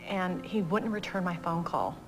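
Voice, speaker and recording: Brisk, amused woman telling an anecdote. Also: lowish voice, poor audio. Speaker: friend interviewee. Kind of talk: interview anecdote. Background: music.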